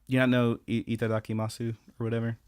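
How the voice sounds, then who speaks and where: A man co-hosts a podcast in easy, casual chat. He recaps scenes with animated energy, acting out the characters' lines and laughing often. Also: mid-range voice, fast talker, smooth. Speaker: podcast co-host.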